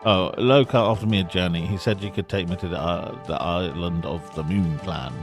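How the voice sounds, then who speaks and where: A man's voice: low-pitched, moderate pace, few pauses, faint music behind. A man streaming a video game, chatting in a casual, joking way and reading his character's lines. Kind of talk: let's play with read-aloud dialogue.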